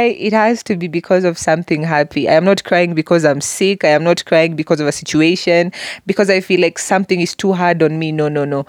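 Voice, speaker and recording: A woman's voice: fairly low pitch, no echo, clean studio sound. A young woman vlogger chatting casually to her viewers, telling stories with lots of fillers and asides. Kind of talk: casual chat to camera.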